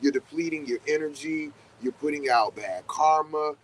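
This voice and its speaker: Dude just riffing on magic stuff, swears a lot, acts out reactions, faint road noise behind. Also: male voice, on the high side, moderate pace, poor audio. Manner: loose, conversational, swears often, acts out quoted reactions. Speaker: podcast host. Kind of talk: casual spiritual talk.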